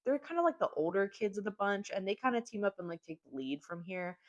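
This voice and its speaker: A woman's voice: mid-range voice, fast talker, highs cut off. A young woman casually recapping a horror novel, full of slang and "like" fillers, acting out the characters' lines as she goes. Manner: slangy, filler-heavy storytelling with lots of "like"; animated, acts out characters' lines. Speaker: book reviewer.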